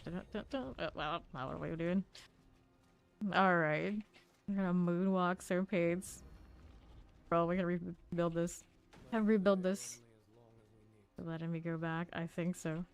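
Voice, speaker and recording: A woman's voice: on the low side, steady tone, slow pace, pauses often, clear, resonant tone. A woman from Florida streaming a game, chatting casually and rambling through side stories while she plays. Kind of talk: casual gameplay commentary.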